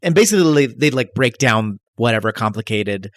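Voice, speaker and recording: A man's voice: mid-range voice, lively intonation, a little fast, no echo, studio quality. A man hosting a podcast, rambling jokingly about a movie and swearing casually. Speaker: podcast host. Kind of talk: casual movie-review chat.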